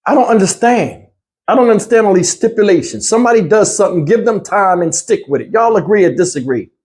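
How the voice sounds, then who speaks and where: A man's voice: high voice, expressive, quick pace, darkish tone. Blunt, heated male commentary host. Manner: blunt, heated, slangy, talks straight to viewers. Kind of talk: casual reaction commentary.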